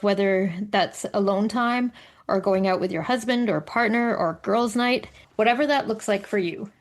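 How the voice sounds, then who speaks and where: A middle-aged woman chatting casually on a podcast, telling stories animatedly, swearing freely and acting out what others said. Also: medium pitch. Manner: animated storyteller, swears freely, acts out quotes. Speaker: podcast co-host. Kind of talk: casual chat among friends. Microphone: studio microphone.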